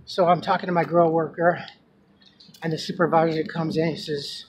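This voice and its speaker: A man's voice: fairly high pitch, level tone, normal speed, low-quality recording. Emotional rambling man vlogging by traffic. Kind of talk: casual personal vlog.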